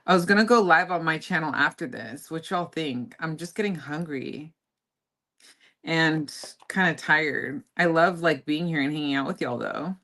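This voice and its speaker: Low-voiced woman chatting to viewers. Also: normal speed. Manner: relaxed, chatty, says y'all to the viewers. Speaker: livestream host. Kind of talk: casual livestream chat.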